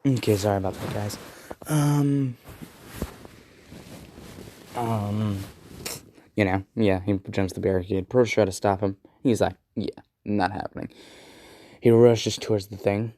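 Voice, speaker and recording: A man's voice: lowish voice, unhurried, pauses often, warm tone. A young man casually telling a fan story, rambling with lots of fillers and swearing.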